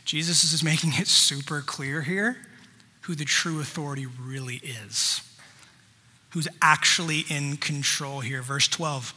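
Bright-voiced male preacher in a reverberant hall. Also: on the high side, measured pace. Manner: reads scripture aloud and breaks in with emphatic asides. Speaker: pastor. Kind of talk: sermon.

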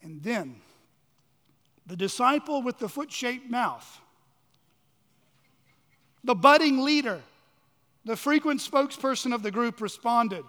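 Pastor, male, very high voice, dramatic sermon delivery that drops to near-whispers, long church reverb. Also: expressive, slow pace, pauses often. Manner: dramatic preaching, swinging from loud emphasis to hushed lows.

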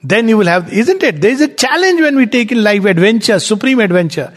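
A man with an Indian English accent giving a spiritual lecture, animated and explanatory, posing rhetorical questions. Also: sits high, fairly quick. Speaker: spiritual teacher. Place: lecture hall at a centre. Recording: long hall reverb.

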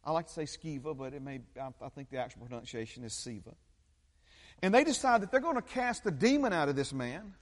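A man's voice: on the high side, sing-song, fast talker, few pauses. A man preaching a sermon as pastor, emphatic and repetitive, often checking in with the congregation. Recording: long hall reverb.

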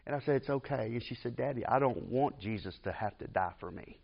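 A man at a middle pitch tells an emotional story to a church Bible class, talking earnestly and plainly. The recording is dull and lo-fi, from a church classroom. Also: a little fast, creaky, hardly any pauses, slightly rough.

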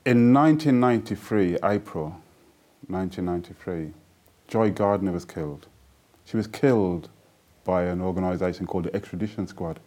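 Middle aged guy guesting on an interview, earnest storyteller, low mellow voice. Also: normal speed. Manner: earnest storytelling, recites his own verse. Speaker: guest, poet. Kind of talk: interview conversation.

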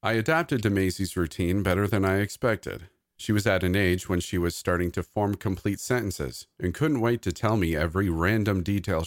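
A man with a deep, low voice reads a scripted horror story in a measured, even way. The sound is dry and close, with no room around it. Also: no echo.

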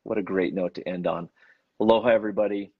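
A man's voice: lowish voice, steady tone, quick pace, breathy edge, no room sound. A man from Hawaii hosting an Instagram Live interview, emotional and effusive in his thanks. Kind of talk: casual interview chat. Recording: dull lo-fi livestream audio.

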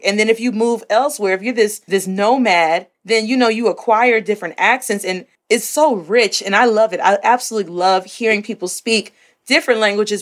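An American woman hosts an interview over a video call. She talks in a mid-pitched voice. She sounds animated and enthusiastic about her topic. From United States. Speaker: host. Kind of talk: casual interview chat.

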